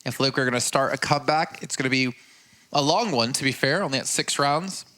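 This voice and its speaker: A man commentating live on an esports match in a measured, analytical way. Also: medium pitch, sharp tone.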